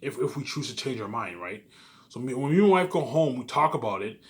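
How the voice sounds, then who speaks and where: A man's voice: medium pitch, very animated, a little fast. A young man in a rambling casual monologue, boastful, swearing, repeating and restarting his phrases. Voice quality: repetitive, restarts phrases often. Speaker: vlogger pitching his movie ideas.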